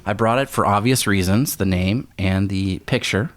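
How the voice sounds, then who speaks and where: A man in his thirties co-hosting a podcast, telling rambling stories in a relaxed, easygoing way. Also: on the low side, normal speed. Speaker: podcast co-host. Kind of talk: casual chat over beer.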